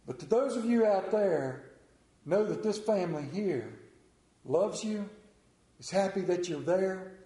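Pastor guy, high-ish voice, folksy joke-telling, roomy church echo. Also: a little mellow. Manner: folksy storyteller, drawling humor. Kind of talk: sermon with jokes and scripture reading. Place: church sanctuary. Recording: echoey church room.

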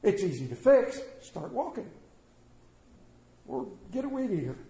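A man preaching a sermon, telling stories and swinging between quiet and loud delivery. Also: high-pitched, sing-song, measured pace, slight background noise. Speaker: pastor. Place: church sanctuary. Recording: roomy church echo.

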